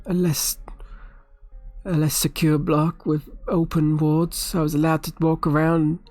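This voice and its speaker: A man's voice: a little high, level tone, unhurried, a little mellow, soft background music, voice pushed up, natural voice. A woman voicing a frightened young male asylum patient who stammers and pleads.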